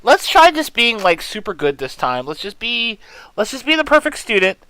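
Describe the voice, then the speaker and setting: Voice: medium pitch, big pitch swings, moderate pace, sharp tone, clean tone, dry recording, low-quality recording. A let's play streamer giving casual, joking commentary on a story game, reacting aloud and swearing now and then. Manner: jokes about own bad British accent.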